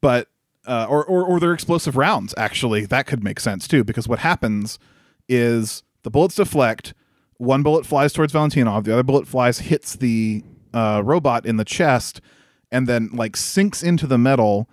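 A man co-hosting a podcast in easy, casual chat, at an average pitch. He talks in an animated way, laughs often and fills his sentences with "like." The recording is dry and close. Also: normal speed, no echo. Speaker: podcast co-host.

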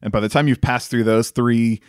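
A young American man co-hosting a casual movie-review podcast, wry and quick to laugh. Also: medium pitch, steady tone, dry recording, clean studio sound. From United States. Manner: laughs often, wry and agreeable. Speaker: podcast co-host.

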